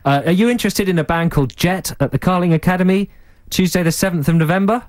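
A man's voice: high voice, a little mellow, no room sound. A man co-hosting a radio show, teasing his partner and callers in casual banter. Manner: teasing, playful, quick to laugh. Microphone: studio mic.

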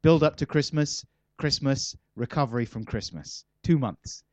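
A man's voice: mid-range voice, normal speed, dry recording. Man, comedian guest, casual interview, rambling, self-mocking, muffled dry recording.

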